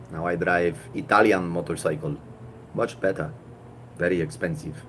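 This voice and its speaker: A man in his thirties from Puerto Rico, chatting and joking with viewers on a live stream, jumping from loud outbursts to low mutters. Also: fairly even intonation, moderate pace, slight background noise. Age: 30s. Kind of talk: casual live-stream chat.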